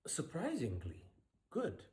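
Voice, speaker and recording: A man's voice: fairly high pitch, wildly swooping pitch, slow pace, dark tone, slight background noise. A middle-aged man, a professional ballroom dancer, giving blunt, sarcastic casual commentary while reacting to a dance show.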